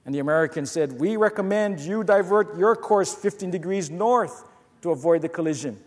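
A man's voice: sits high, normal speed, in a large hall. A man preaching a sermon who reads scripture aloud and tells stories to make his point. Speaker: pastor.

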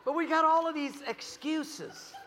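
A man preaching a sermon as pastor, animated, telling stories and putting on voices for the people he quotes. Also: extremely high pitch, unhurried, background noise. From United States. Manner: animated storytelling with jokes and acted quotes. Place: church. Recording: long reverb of a church hall.

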